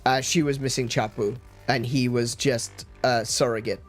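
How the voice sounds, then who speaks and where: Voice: medium pitch, fairly even intonation, normal speed. Stammering stream host, faint music. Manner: stammering restarts, laughs often. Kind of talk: casual chat on a stream.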